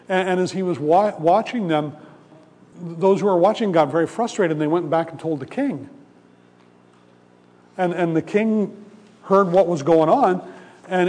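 A man's voice: fairly high pitch, darkish tone. A male pastor giving a sermon in a conversational storytelling way, acting out the voices in a parable. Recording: long hall reverb.

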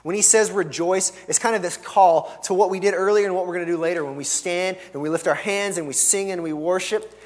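An earnest male pastor preaching, his voice sitting a little high for a man. He presses hard on key words and then lets phrases fall away quietly. The sound rings with the long reverb of a large church hall. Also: steady tone, fairly quick, hardly any pauses. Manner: earnest and emphatic, swelling on key words then dropping soft. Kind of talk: sermon.

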